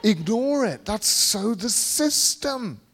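Slow and sing-song, a British preacher delivers a charismatic sermon that rambles and circles back on repeated phrases. Quiet, low musing gives way to abrupt shouting.

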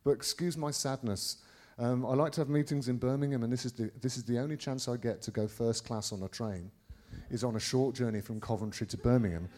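A middle-aged Englishman telling a story to his congregation as a preacher. He rambles and restarts often, dropping to a near-mumble and then surging loud without warning. His voice sits in an ordinary middle pitch for a man. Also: brisk. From England. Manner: rambling, with many restarts and swings in loudness.

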